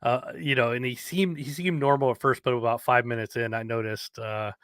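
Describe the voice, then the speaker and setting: A man's voice: mid-range voice, steady tone, fairly quick, a bit bright, smooth, no room sound, clean studio sound. A man talking frankly and a bit self-deprecatingly about difficult customers in a casual podcast chat.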